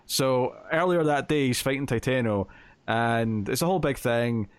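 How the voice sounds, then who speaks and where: A man of middling pitch chats through a comic book story as a podcast co-host, stringing the plot together with "uh" and "like" and acting out quoted lines in passing. His voice sits close and dry on the mic, with no room sound around it. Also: moderate pace, smooth, dry recording. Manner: chatty, retelling plot with quoted lines and filler. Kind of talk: casual comic book review chat.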